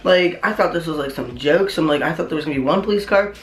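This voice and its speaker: A young man vlogger telling a story in a casual, rambling way, full of "like" and excited asides. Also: a little high, fast, reverberant, slight background noise. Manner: rambling, heavy on "like", excitable retelling.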